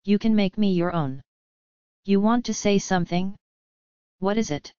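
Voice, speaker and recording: A woman's voice: mid-range voice, moderate pace, dark tone, clean tone, dry recording, lo-fi sound, natural voice. A woman voicing a proud, commanding royal princess in stern, formal, old-fashioned speech.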